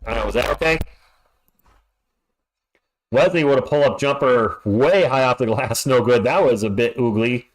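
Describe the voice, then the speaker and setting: A man's voice: medium pitch, normal speed, long pauses. A man calling a basketball game live as a fan commentator, chatting and ranting between plays. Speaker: play-by-play commentator.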